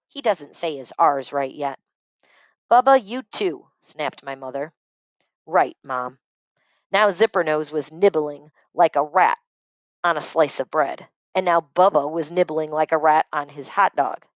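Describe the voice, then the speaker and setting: A woman's voice: deep voice, dry recording. A woman reading a children's book aloud expressively, stopping to explain words and checking in with "okay?". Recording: dry, dull muffled recording.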